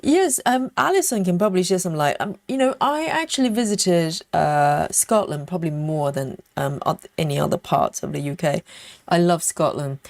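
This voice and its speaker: A woman's voice: on the low side, expressive, moderate pace, vocal fry, a little mellow, dry recording. Chatty woman stitching live. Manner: chatty, reads viewer comments aloud and counts stitches; many fillers and self-interruptions. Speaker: cross-stitch livestream host. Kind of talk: casual chat while stitching live.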